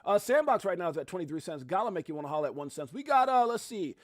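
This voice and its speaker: Animated man hosting a crypto livestream. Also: high voice, fast. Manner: animated, talks straight to chat, swears mildly. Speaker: livestream host. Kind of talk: casual livestream chat. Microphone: desktop microphone.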